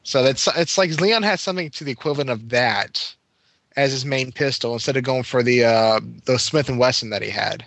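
A man's voice: mid-range voice, brisk, fairly bright tone, dry recording. A man hosting a casual podcast chat, rambling with lots of "like" fillers.

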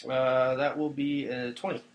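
A man's voice: mid-range voice, flat delivery, measured pace, lo-fi sound, very noisy. A man playing in a tabletop game, asking eager, playful questions of the game master. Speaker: player. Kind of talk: casual tabletop game chat.

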